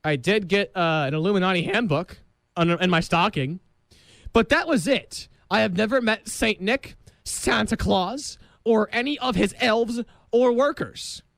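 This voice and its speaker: A young man hosting a college radio show, talking in a dramatic, excitable comic monologue that bursts into shouting. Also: high-pitched, measured pace, creaky, dry recording. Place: radio studio.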